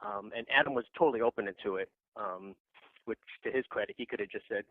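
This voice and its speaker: A man guest on a podcast, telling an anecdote in a casual, animated way, laughing often and using many fillers. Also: fairly low pitch, quick pace, no echo. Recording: dry phone-like podcast audio.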